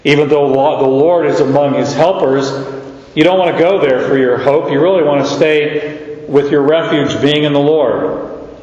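A man preaching a verse-by-verse sermon as pastor, teaching slowly and haltingly, often repeating his words. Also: fairly high pitch, darkish tone. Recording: echoey hall, dull sound.

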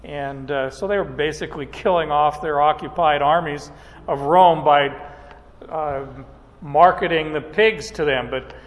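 Male Bible teacher, very deliberate pace, halting with "uh" pauses, fairly high voice. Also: long reverb tail. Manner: unhurried, with frequent "uh" pauses and restarts. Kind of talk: verse-by-verse Bible lecture.

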